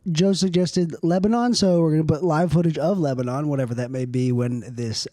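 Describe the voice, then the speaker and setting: A man hosting a comedy podcast with a fairly high but mellow voice. He jokes loosely and swears casually in relaxed chat. The sound is dry and close, with almost no room echo. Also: brisk. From based in Austin, Texas. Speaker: podcast host.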